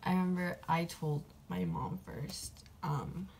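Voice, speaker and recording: A young woman tells a personal story to her camera in a low, gravelly voice, rambling with plenty of fillers and getting emotional. Her tone is dark and mellow, and a faint hum of room ambience sits behind her. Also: slow. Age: young adult. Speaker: vlogger.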